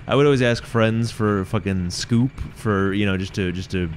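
A low-voiced man chats over a friend's game, teasing him and offering unwanted advice with plenty of swearing. His delivery is casual and joking. Faint room noise sits under his voice. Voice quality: teasing backseat commentator, swears often. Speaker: gaming channel co-host. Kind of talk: casual gameplay commentary.

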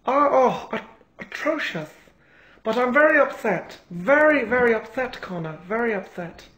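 A man's voice: very high voice, lively intonation, moderate pace, sharp tone, reverberant, dull audio, full character voice. A man impersonating an upset, dramatic father who keeps repeating that he is very upset. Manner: whiny, dramatic, repeating himself.

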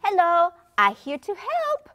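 A woman's voice: fairly high pitch, sing-song, measured pace, fairly bright tone. A woman voicing an eager little boy who loves helping, talking in childlike pretend play with broken grammar, in a puppet show. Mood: playful.

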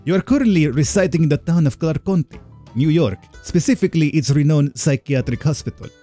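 A man's voice: fairly high pitch, brisk, mellow, faint music behind, pitched above the performer's own voice, lightly acted. A man voicing an eager, overly friendly male psychiatrist in a put-on Spanish-type accent, read from a visual novel game. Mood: cheery.

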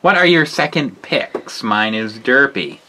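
A man co-hosting a toy review video in casual chat, playful and halting. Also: medium pitch, animated, noisy background.

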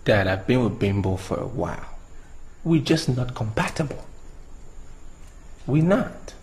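A man's voice: medium pitch, big pitch swings, measured pace, a little mellow, rough recording. An actor with a Nigerian accent playing a grown son who questions his father's motives. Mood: earnest. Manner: earnest, questioning.

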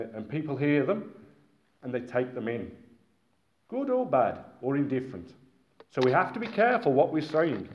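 British man, preacher, lively sermon, bouncing intonation, roomy muffled recording. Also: fairly high pitch, slight background noise. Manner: animated, conversational preaching with asides. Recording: echoey, dull-sounding hall recording.

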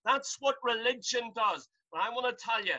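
A man's voice: very high voice, expressive, moderate pace, bright, forceful tone, muffled recording. A man preaching a sermon from home over a video call, fervent and pleading, rising to cries.

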